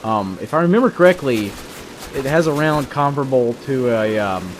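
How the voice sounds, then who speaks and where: A young man rambles through casual gameplay commentary, cracking jokes and breaking into excited outbursts. His pitch swings widely, so the delivery sounds lively and animated. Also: moderate pace, noisy background. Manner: rambling, jokey, excitable asides. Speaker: let's play host.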